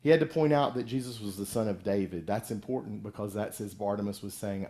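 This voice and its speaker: A man's voice: on the low side, fairly quick, few pauses, dark tone. A middle-aged male pastor giving a conversational sermon, acting out the voices of people in the story he tells.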